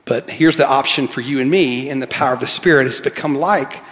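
A pastor preaching a sermon, reading scripture aloud and swinging from soft, quiet lines to emphatic ones. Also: male voice, mid-range voice, fairly quick. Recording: long hall reverb.

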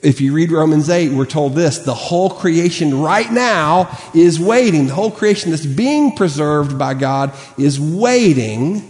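A man's voice: on the high side, expressive, unhurried, few pauses, darkish tone. A man preaching a sermon, reading scripture aloud and then explaining it earnestly, stressing key words and correcting himself as he goes. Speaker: pastor. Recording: long reverb of a church hall.

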